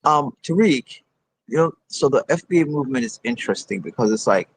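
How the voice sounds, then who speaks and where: Gravelly, husky-voiced male caller. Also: mid-range voice, expressive, fairly quick, no echo, rough recording. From Ethiopia. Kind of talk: call-in argument.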